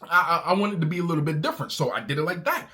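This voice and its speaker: A man's voice: fairly high pitch, expressive, very fast, pushed and bright. A man in a casual vlog, ranting angrily and talking in slang, calling his listener bro. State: angry. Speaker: car owner vlogger.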